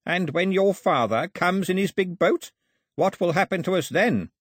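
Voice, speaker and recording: A man voicing a stern, husky old priest. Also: high voice, lively intonation, normal speed, no echo, clean studio sound, pitched above the performer's own voice. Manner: curt, suspicious, lecturing.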